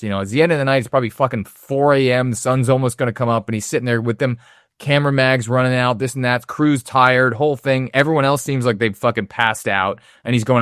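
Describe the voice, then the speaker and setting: A man's voice: medium pitch, brisk, no room sound, studio quality. A man co-hosting a film podcast, telling stories in casual talk with lots of swearing and quoted asides. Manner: profane, animated storytelling with acted-out quotes. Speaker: podcast co-host.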